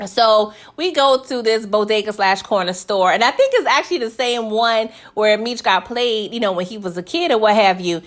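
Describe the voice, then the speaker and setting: A woman's voice: a little high, moderate pace, few pauses. A woman casually recapping a TV episode in a chatty, slangy way, often tacking on "okay?" and laughing between points. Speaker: TV recap host.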